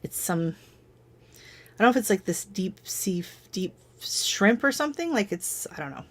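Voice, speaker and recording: A woman's voice: medium pitch, big pitch swings, normal speed, fairly bright tone. A woman hosting a casual live stream from home, chatting and telling rambling stories with frequent laughs.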